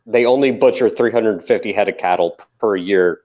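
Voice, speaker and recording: A man's voice: lowish voice, moderate pace, a little mellow. A man co-hosting a casual podcast chat, talking emphatically and with plenty of swearing. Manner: profane, emphatic, insistent. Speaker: podcast co-host. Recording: dull lo-fi sound.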